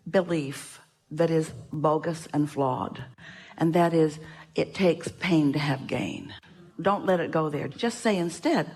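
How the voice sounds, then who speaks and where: A woman with a low, husky voice addresses a seminar audience in an emphatic, repetitive way. She speaks of herself as "we" and keeps coming back to the same point. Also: a little mellow. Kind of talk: inspirational seminar talk to an audience.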